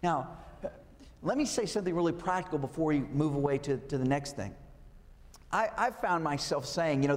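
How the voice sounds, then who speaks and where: A man's voice: fairly high pitch, animated, brisk, in a large hall. A pastor preaching a conversational sermon, asking his listeners rhetorical questions.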